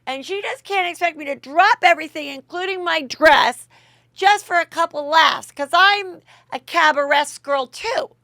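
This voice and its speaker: A woman doing an impression of a tipsy, self-important woman cabaret performer with a slow whine. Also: extremely high pitch, sharp tone, no room sound, clean studio sound, voice pushed up, heavily acted.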